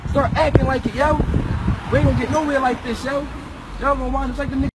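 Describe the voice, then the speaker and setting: Urgent high-voiced man lecturing on the street. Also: fairly even intonation, fast. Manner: urgent, repetitive, slangy, peppered with "yo". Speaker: passerby addressing teenagers. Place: city street, outdoors. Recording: distant phone recording with street noise.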